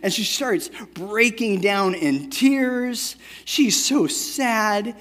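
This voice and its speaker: A pastor in his thirties preaches a sermon conversationally, telling a family story and often checking in with "right?". His voice sits high, slightly bright and very slow, with long hall reverb around it.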